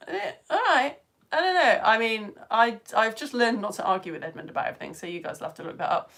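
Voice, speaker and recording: A woman's voice: a little high, animated, fairly quick, fairly bright tone. A woman from the UK teaching a live online science lesson, chatty and enthusiastic, laughing often as she reads out viewer comments. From United Kingdom.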